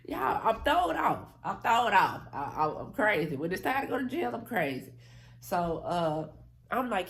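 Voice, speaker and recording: A woman vlogger casually telling a story straight to her viewers, slangy and animated. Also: on the low side, unhurried, gravelly.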